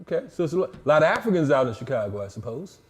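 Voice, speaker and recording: A man's voice: on the high side, sing-song, racing, over a noisy crowd. Teasing male podcast co-host. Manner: teasing, joking banter. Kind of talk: casual podcast chat.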